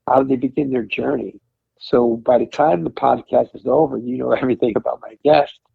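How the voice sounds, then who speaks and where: A man telling stories and encouraging his host in a casual chat, rambling and warm-hearted. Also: medium pitch, gravelly, slightly rough, no echo. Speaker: podcast host as guest. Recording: dry tinny phone-line sound.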